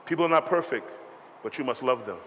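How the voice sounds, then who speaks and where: A man preaching a sermon as pastor, animated and rhythmic, calling out to the congregation to respond. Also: medium pitch, quick pace, muffled recording, slight background noise. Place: church sanctuary. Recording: reverberant hall with faint ambience.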